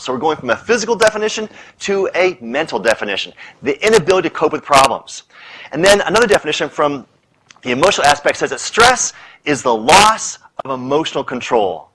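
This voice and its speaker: Middle-aged man, public lecture, animated storytelling, bright forceful tone, lively swinging pitch. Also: brisk, breathy edge, poor audio. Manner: animated storyteller, punchy lists, playful asides. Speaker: speaker on stress. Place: lecture hall with audience.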